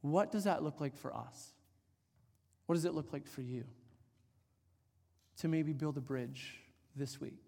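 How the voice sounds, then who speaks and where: A middle-aged man preaching a sermon, telling a personal story in an animated, rambling way with many fillers. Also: on the high side, a little slow, gravelly, pauses often. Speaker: pastor. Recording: long hall reverb.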